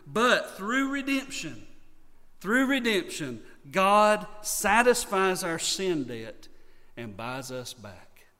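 High-voiced Southern man preaching. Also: big pitch swings, slow pace, sharp tone, big-room sound. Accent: North Carolina Southern. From North Carolina, USA. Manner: earnest preaching with emphatic repetition. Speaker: pastor. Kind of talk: sermon.

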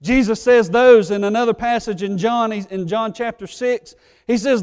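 A male pastor preaching a sermon. He swings from fervent, loud pleading to quiet, earnest low tones. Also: moderate pace, hardly any pauses, smooth. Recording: echoey hall reverb.

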